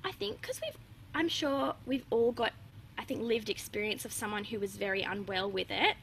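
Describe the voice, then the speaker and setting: Chatty woman with a bright voice. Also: a little high, expressive, normal speed, gravelly, slight background noise, low-quality recording. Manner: open, chatty, laughs often, many fillers. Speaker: guest. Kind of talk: casual interview chat.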